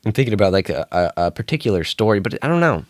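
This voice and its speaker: Young male podcast host, lowish voice, dry close sound, loose rambling monologue. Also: sing-song, rapid-fire, no echo. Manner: rambling, self-interrupting, chuckles often. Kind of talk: casual solo podcast monologue.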